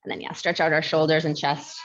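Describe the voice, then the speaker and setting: A woman instructor leading a barre fitness class, chatty and quick to laugh, counting down reps, with a slight lisp. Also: deep voice, flat delivery, highs cut off. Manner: mild lisp from new aligners.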